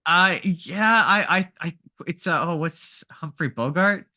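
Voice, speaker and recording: A man's voice: high voice, measured pace, bright, forceful tone. A man co-hosting a podcast, talking casually and rambling with frequent restarts. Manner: rambling, many restarts and laughs. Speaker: podcast co-host. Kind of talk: casual chat.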